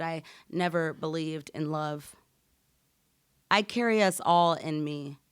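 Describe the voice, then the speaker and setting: A woman poet reading her poems aloud in a measured, deliberate way. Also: fairly low pitch, smooth, no room sound, clean studio sound. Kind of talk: live poetry reading.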